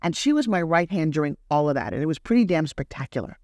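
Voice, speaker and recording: A woman guest in an interview, telling a story with animated energy and acting out the other people's lines in lively voices. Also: low-pitched, fast, no echo, studio quality. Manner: acts out quoted dialogue in lively voices. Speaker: guest entrepreneur.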